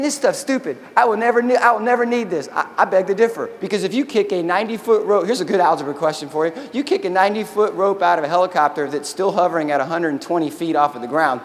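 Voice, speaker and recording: A man giving an animated keynote talk, telling a story, acting out the quotes and calling the crowd "y'all". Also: high voice, slight background noise. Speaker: keynote speaker, army veteran. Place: large convention hall. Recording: long hall reverb.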